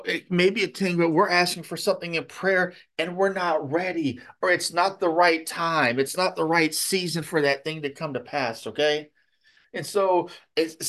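A man's voice: fairly high pitch, fairly bright tone. A man as pastor giving a conversational sermon, tagging his points with "okay?" and telling stories. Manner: tags points with "okay?", storytelling.

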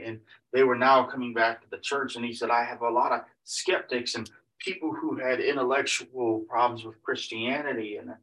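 A man's voice: medium pitch, a bit bright. A man preaching, retelling another man's story in a rambling way, with many repeated "he said" tags and restarts. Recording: voice picked up from a distance.

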